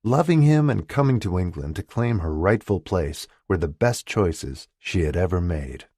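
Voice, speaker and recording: A man narrating an audiobook romance in scripted narration, expressive and shifting voices for characters. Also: low voice, moderate pace, breathy edge, no room sound, clean studio sound. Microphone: close studio mic.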